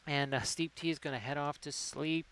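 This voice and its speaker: A man's voice: a little high, fairly even intonation, moderate pace, fairly bright tone, slight background noise, low-quality recording. A man hosting a casual livestream who rambles and reads chat messages aloud. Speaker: livestream host. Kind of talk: casual chat while painting.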